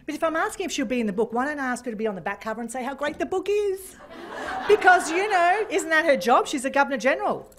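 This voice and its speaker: A woman giving a keynote talk, telling a story with lively, animated delivery and acting out phone calls. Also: a little high. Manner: animated, acts out phone calls in different voices. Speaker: keynote speaker. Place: function room.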